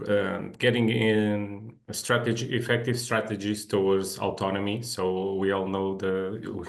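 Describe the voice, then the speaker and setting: Low-ish voice guy on a panel, friendly, stumbles a bit. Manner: friendly, hesitant with fillers. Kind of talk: online panel discussion.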